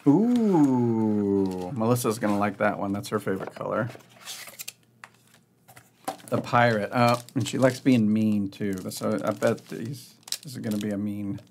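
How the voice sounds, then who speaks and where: A man's voice: fairly low pitch, steady tone, normal speed, long pauses, a little hiss or hum. A man hosting a board game channel, giving casual, upbeat unboxing commentary and thinking aloud as he goes.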